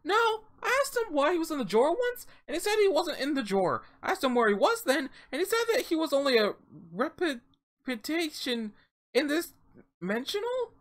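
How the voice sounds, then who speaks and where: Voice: high voice, very animated, moderate pace, fairly bright tone, voice pushed up. A reader voicing a six-year-old boy, talking in an earnest, chatty, childish way.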